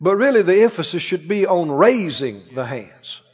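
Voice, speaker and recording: A middle-aged man preaching a sermon as pastor, emphatic and animated, with sudden exclamations. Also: sits high, moderate pace, husky. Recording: dull recording with long hall reverb.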